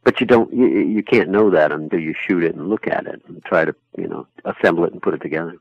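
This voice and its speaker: A man, an actor being interviewed, chatting in a relaxed, rambling, self-deprecating way. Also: low voice, quick pace, creaky, no room sound, lo-fi sound. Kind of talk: casual interview chat.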